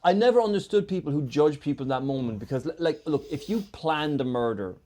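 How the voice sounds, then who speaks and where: A man's voice: fairly high pitch, lively intonation, fast talker, mellow. A man on a comedy podcast telling a long story in casual chat, rambling and swearing, with lots of filler words.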